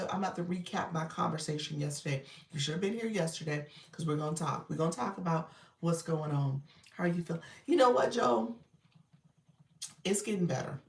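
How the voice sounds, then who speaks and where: A woman's voice: on the low side, gravelly, roomy sound, distant mic. Woman, congested, livestream coach, chatty, greets viewers by name, a bit off-mic. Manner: warm greetings to viewers by name, laughs often. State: congested, recovering from illness. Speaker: live coach streaming a Q&A. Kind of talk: casual livestream chat with viewers.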